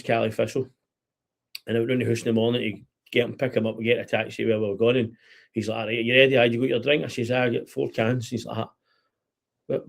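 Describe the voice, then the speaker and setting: A man's voice: medium pitch, vocal fry. A young Scottish man hosting a podcast, telling rambling football stories in casual chat and laughing often. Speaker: podcast host.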